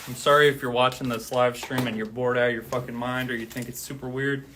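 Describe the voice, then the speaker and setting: A man's voice: mid-range voice, level tone, fast talker, hardly any pauses, sharp tone, slight background noise. A man talking casually on his own livestream, counting steadily and then thanking listeners, out of breath. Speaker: drummer streaming live.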